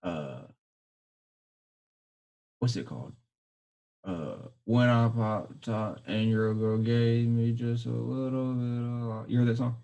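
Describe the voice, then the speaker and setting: A man's voice: medium pitch, takes it slowly, pauses often, warm tone, dull audio. A young man co-hosting a podcast in casual chat, rambling and hedging as he goes. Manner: rambling, hedging, self-correcting. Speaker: podcast co-host.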